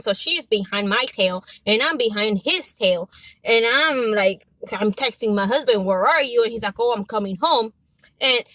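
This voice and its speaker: A woman's voice: on the high side, a bit bright, dry recording, low-quality recording. A young mother telling a story in a chatty, exasperated, casual rant. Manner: chatty, exasperated, with quoted asides. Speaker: vlogger and mother.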